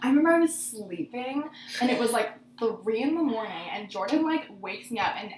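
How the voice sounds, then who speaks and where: A young woman in casual chat, an animated storyteller who swears freely, recorded in an echoey room. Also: a little high, fairly quick, heavy background noise.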